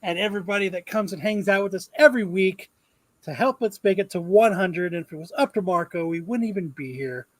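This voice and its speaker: A man's voice: sits high, fairly quick, slight background noise. A man hosting a casual group chat show, thanking listeners as he wraps up. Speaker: podcast host.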